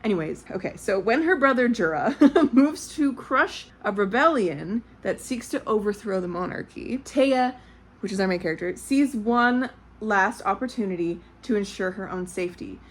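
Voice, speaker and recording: A woman's voice: medium pitch, expressive, moderate pace. A young woman chatting casually about books for her vlog, candid and blunt, swearing freely and laughing often. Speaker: book vlogger. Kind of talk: casual chat.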